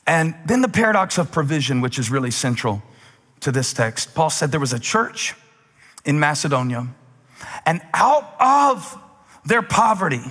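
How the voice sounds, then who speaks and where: A pastor from South Carolina preaching a sermon, emphatic and energetic, rising to shouts. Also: male voice, a little high, normal speed, slightly rough. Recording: long reverb of a large hall.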